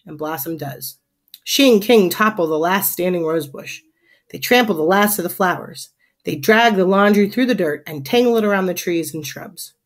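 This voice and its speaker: A woman teacher reading a children's chapter book aloud to her class in an expressive, animated way. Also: fairly low pitch, normal speed.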